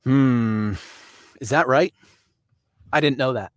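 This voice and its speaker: A mid-pitched man from Canada hosts an informal live stream. He riffs on viewer comments in a relaxed, conversational way and laughs easily between thoughts. The sound is dry and close, with no room echo. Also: slow pace. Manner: conversational, chuckles often, answers viewers by name.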